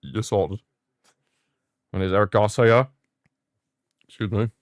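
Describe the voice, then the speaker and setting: A young man hosting a live football watchalong, giving excitable fan commentary and ranting at the referee. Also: fairly low pitch, takes it slowly, no echo, clean studio sound. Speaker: watchalong host.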